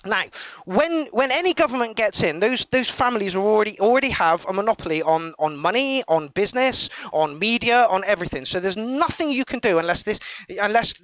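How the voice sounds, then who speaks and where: Brief: male host, high-pitched, angry sweary rants, stop-start delivery, dull dry lo-fi mic. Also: lively intonation, a bit bright, dry recording. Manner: sweary, ranting, halting restarts. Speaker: podcast host reviewing songs. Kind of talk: casual live review chat.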